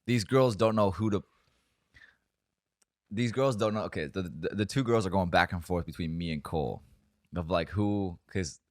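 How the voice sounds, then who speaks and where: A young man with a very low voice tells a story on a podcast, wandering through fillers and swearing as he goes. The sound is dry and close, with no room around it. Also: moderate pace, long pauses, no echo. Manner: rambling, profane storytelling with many fillers. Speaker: podcast co-host. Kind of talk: casual storytelling chat.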